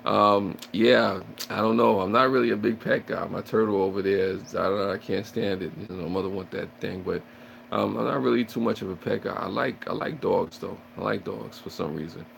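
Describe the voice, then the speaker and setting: A man's voice: fairly low pitch, fairly even intonation, fairly quick, creaky, fairly bright tone, a little hiss or hum. A man chatting and joking with viewers on a casual livestream, rambling and playfully acting out scared shrieks. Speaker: livestream host.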